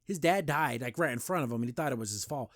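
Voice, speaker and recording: A man hosting a cartoon review show, chatting casually and enthusiastically, rambling with lots of "like" and "you know" and jumping up in pitch when he praises a scene. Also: lively intonation, fast, fairly bright tone, dry recording, studio quality.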